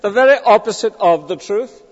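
A man's voice: sits high, moderate pace. Guy preaching, emphatic w/ rhetorical questions, sound a bit dull n muffled. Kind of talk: expository sermon. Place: large church. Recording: dull recording with long church reverb.

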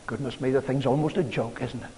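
A man's voice: mid-range voice, fairly even intonation, fast talker, dark tone. A man preaching a sermon, telling a story dramatically with strong emphasis. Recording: long reverb of a large hall.

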